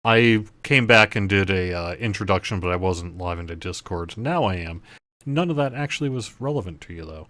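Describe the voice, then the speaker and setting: A man with a lowish voice acts as game master for a tabletop game over voice chat. He talks in a hesitant way, with plenty of fillers. The sound is dry and close. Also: animated, moderate pace, bright, forceful tone, dry recording.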